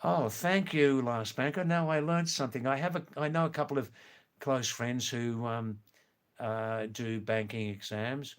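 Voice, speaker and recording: Australian male streamer, unhurried and deliberate, mid-pitched, chuckles often while reading comments. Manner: slow, careful and clear, with frequent chuckles. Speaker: live stream host. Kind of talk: casual live-stream chat reading viewer comments.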